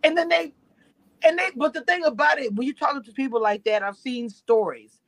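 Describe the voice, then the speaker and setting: Animated woman from Louisiana, dry sound. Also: high voice, normal speed, no echo. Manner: animated, emphatic, talks over others. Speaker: co-host. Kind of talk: casual live-stream recap chat.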